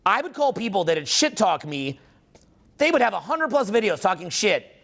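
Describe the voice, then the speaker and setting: A man's voice: high-pitched, very animated, moderate pace, vocal fry, a bit bright. A man giving a live seminar talk as a social skills coach, swearing freely, speaking with emphasis and firing questions at the room. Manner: profane, emphatic, quizzes the audience.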